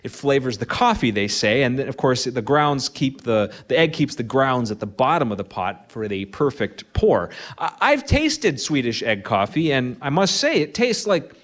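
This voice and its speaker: A man's voice: medium pitch, sing-song, moderate pace, few pauses. A man with a Minnesota accent hosting a live radio show from a barn, telling dry, wry humorous stories full of small asides and fillers.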